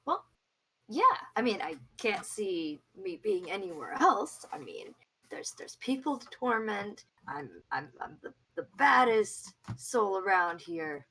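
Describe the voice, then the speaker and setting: A woman voicing a boastful, eager male tiefling bard who serves a villain, with a husky voice, stumbling over words during a tabletop game. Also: medium pitch, very animated, unhurried, a bit bright, full character voice. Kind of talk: tabletop role-play voicing.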